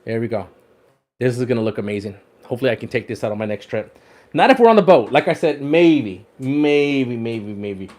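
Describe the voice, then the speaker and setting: A man's voice: medium pitch, big pitch swings, fairly quick, a little mellow. A man hosting a fishing livestream in casual chat, showing off his rod wraps, often repeating words and laughing.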